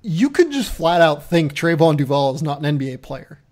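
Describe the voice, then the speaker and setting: A man's voice: a little high, very animated, normal speed, darkish tone. A man hosting a podcast, chatting casually and loosely about basketball draft prospects, laughing at himself. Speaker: podcast host.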